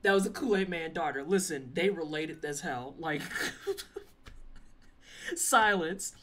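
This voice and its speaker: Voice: mid-range voice, slow, fairly bright tone. A young adult streamer playing a game live, joking along and teasing the chat in a loose, chatty way. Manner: playful, chatty, teases chat. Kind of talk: casual live-stream commentary. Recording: slightly distant mic, faint game music.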